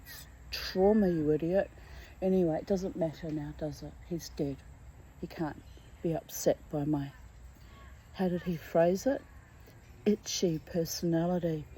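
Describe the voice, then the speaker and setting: On poor audio with a bit of hiss or hum, a middle-aged vlogger speaks in a low-pitched, mellow voice, a little slowly and pausing often. She rambles candidly and emotionally through personal topics, whispering now and then on asides.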